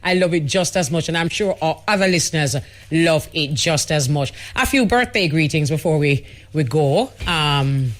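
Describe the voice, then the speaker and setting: A woman's voice: deep voice, moderate pace, few pauses. Jamaican woman hosting a chatty radio show. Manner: chatty, easygoing, with patois greetings. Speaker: radio host. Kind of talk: radio call-in show reading listener messages. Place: radio studio.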